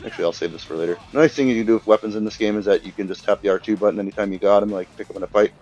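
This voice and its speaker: A young man giving rambling, casual commentary over a game, acting out the characters' lines in quick bursts. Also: lowish voice, a little mellow, muffled recording, faint music behind. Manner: rambling, filler-heavy, acts out characters' lines. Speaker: let's play commentator.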